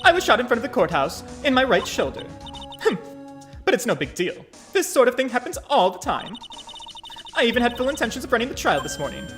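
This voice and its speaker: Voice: mid-range voice, very animated, a little fast, music in the background, voice pushed up. A gamer reading the lines of an arrogant young female prosecutor in a cold, haughty way.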